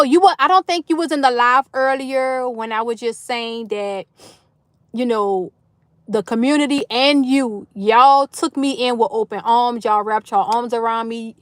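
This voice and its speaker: A woman hosts a casual livestream and chats with her viewers. Her voice sits high and she talks slowly, moved close to tears as she thanks them one by one. The sound is close and dry. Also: dry recording. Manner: warm, emotional, thanking viewers by name. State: tearful. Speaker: livestream host.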